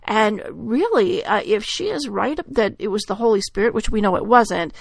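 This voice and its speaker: A woman giving critical commentary in a measured, deliberate way with frequent hesitations. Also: mid-range voice, lively intonation, vocal fry, no echo.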